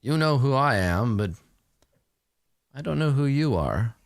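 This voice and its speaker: A man voicing a smooth-talking older male noble who claims piety, speaking in a measured, unctuous way. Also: medium pitch, expressive, no room sound, studio quality.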